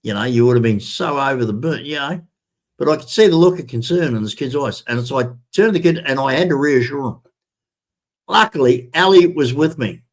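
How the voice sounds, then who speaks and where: An older man spinning a casual yarn to camera. His voice sits at an ordinary middle pitch, and he keeps circling back and repeating himself as he talks. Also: expressive, brisk. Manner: chatty, repetitive, addresses viewers as ladies and gentlemen. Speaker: vlogger.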